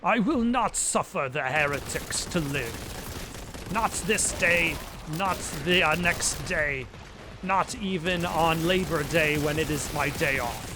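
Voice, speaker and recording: A man's voice: a little high, takes it slowly, noisy background. A man putting on a grim, dutiful male space warrior during joking game commentary, in a mock-solemn declaiming manner.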